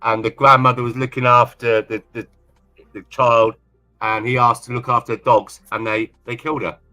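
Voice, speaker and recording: A man's voice: mid-range voice, flat delivery, moderate pace, bright, forceful tone, soft background music. A man from England, co-hosting a livestream in rambling, casual chat and repeating himself often. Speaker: livestream co-host.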